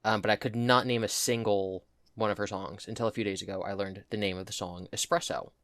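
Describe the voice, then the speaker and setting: A man's voice: lowish voice, fairly even intonation, fairly quick, fairly bright tone, no echo. A man co-hosting a casual podcast, rambling and exasperated as he laughs at himself. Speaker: podcast co-host. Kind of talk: casual chat.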